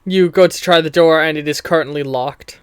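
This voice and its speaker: A man's voice: fairly high pitch, fairly quick, clean tone, dry recording, clean studio sound. A man narrating as game master of a tabletop game, chatty and loose, laughing at his own jokes.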